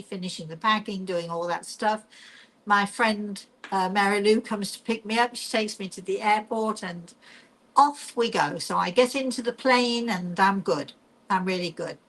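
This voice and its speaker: An older woman, a spiritual medium and healer, recounts a personal experience. Her delivery is conversational and reflective. She slips into the voices of the people in her story, and her pitch sits in a middling range. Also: fairly bright tone, rough recording. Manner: chatty, reflective storyteller who acts out the dialogue.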